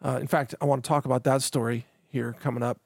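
A middle-aged podcast host runs through the news in a casual, sardonic monologue, laughing at stories and repeating words as he keeps restarting. His medium-pitched voice is gravelly and a little mellow, delivered flatly and fast, with clean studio sound and no echo.

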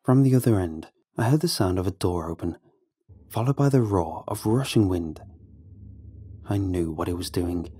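A man reading a horror story aloud as a scripted narration, with measured, tense storytelling. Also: sits low, warm tone, husky, dry recording.

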